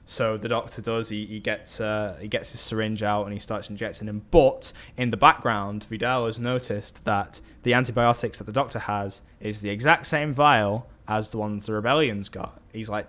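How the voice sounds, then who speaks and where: A man's voice: on the low side, steady tone, moderate pace, hardly any pauses, fairly bright tone. A man casually recapping a film's plot on a podcast, rambling with fillers and swearing. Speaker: podcast host.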